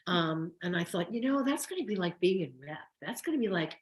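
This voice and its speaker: With a roomy echo around her, an older woman guesting as a soap actress chats effusively through stories in a casual interview, restarting often. She speaks briskly and animatedly in a fairly low voice.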